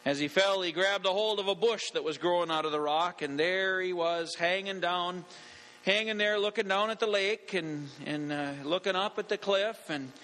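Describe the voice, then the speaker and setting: A male pastor giving a sermon in an earnest, deliberate way, slowing down on key phrases, then leading a prayer. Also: high-pitched, pushed and bright, poor audio.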